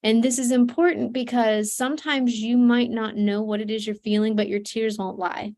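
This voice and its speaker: A woman's voice: a little high, fairly even intonation, moderate pace, darkish tone. A woman presenting an online seminar as a trauma coach, speaking earnestly with fillers and restarts, through a computer mic.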